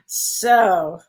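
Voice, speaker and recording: With a voice on the high side, a woman working as a spiritual medium gives card readings in casual, affectionate chat, calling listeners honey.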